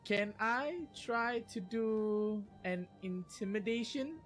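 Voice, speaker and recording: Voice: mid-range voice, animated, takes it slowly, fairly bright tone, faint music behind. Player speaking in character at a game table. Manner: acts out dialogue in character. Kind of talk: casual tabletop play.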